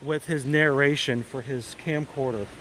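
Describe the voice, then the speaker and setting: On a theme park livestream, this middle-aged man chats through a story at normal speed in a mid-range voice with fairly even intonation, poking fun at himself and laughing a lot. Loud music plays behind him, and there is slight background noise.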